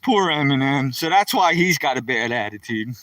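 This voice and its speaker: A man's voice: medium pitch, animated, moderate pace, a bit bright, dry recording, far from the mic, poor audio. A man telling a rambling story to live-stream viewers while walking outdoors in the woods, talking to viewers by name.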